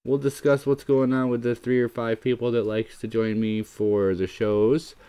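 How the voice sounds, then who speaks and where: A man's voice: mid-range voice, flat delivery, normal speed, mellow, clean tone. A man hosting a casual livestream chat, rambling and talking himself through his computer troubles at the desk mic. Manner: rambling, narrates his own fumbling with the computer. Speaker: livestream host.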